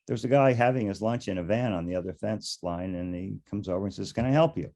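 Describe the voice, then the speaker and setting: Man, low voice, mellow, rambling chuckling storyteller, older. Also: steady tone, brisk. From United States. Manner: rambling, chuckling, with frequent restarts. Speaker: interview guest, beekeeper. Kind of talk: casual storytelling interview.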